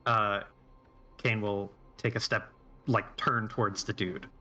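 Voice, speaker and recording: A man's voice: on the low side, flat delivery, takes it slowly, pushed and bright, muffled recording. A man playing a tabletop game, describing his character's actions in a loose, rambling way. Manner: rambling, with many fillers and restarts. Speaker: player.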